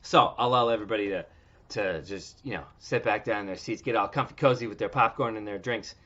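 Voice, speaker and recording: A livestream host in his thirties talks fast in a lowish, fairly bright voice. Streaming casually from home, he's loose, joking and profane, and the audio has a dull lo-fi quality.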